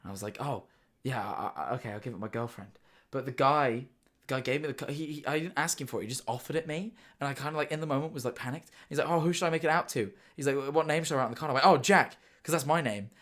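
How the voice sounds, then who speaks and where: A young man streaming casually, reacting excitably and rambling through stories with restarts and swearing. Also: mid-range voice, quick pace.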